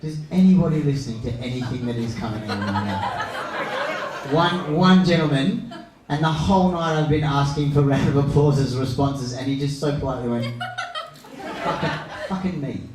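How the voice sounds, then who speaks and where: With a noisy background and a distant mic, a young man speaks at medium pitch and a moderate pace. He's MCing a comedy night on stage in a pub function room, doing stand-up crowd work that's brash, teasing, and full of swearing, with the echoey room and the crowd audible.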